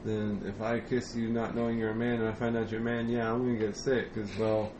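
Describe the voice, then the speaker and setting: A man's voice: on the low side, little pitch movement, fairly quick, a little mellow, echoey room. Blunt casual podcast guy, noisy background. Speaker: podcast co-host.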